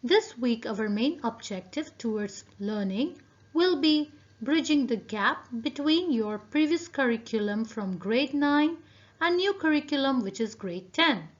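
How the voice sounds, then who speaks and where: A woman teacher delivers a recorded video lesson, talking deliberately and directly to her students. Her voice is high-pitched and animated, and the lo-fi video audio sounds dull.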